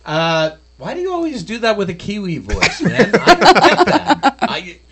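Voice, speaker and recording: A man's voice: sits high, wildly swooping pitch, normal speed, over a noisy crowd. A man co-hosting a casual podcast, teasing and playful in his banter. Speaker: podcast co-host. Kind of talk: casual chat.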